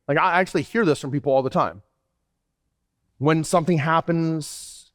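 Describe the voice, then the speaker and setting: A man's voice: on the high side, moderate pace, long pauses. A man preaching an emphatic sermon as pastor, his pace often shifting. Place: church sanctuary. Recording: church hall reverb.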